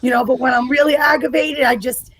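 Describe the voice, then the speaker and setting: Blunt, profane woman, high voice. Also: steady tone, quick pace, a bit bright, dry recording, poor audio. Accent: New York area. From United States. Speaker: guest, political ranter. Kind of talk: casual podcast chat.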